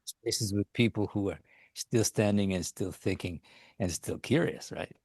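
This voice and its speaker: A man hosting a podcast, talking in a casual, halting way with frequent repeated words and restarts. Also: fairly low pitch, a little mellow, slightly rough, no room sound, clean studio sound. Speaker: podcast host. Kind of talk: casual conversation.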